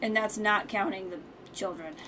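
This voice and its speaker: A woman's voice: mid-range voice, normal speed. A woman streaming a game, thinking aloud in a chatty, self-correcting way. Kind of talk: casual let's-play commentary. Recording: distant mic with background noise.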